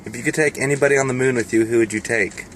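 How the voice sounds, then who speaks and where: A man filming a friend and firing off teasing, playful questions. His voice sits at a middle pitch. Faint background noise hangs under the home recording. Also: steady tone, racing, fairly bright tone. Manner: teasing questions with frequent laughing. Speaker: interviewer. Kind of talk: casual chat.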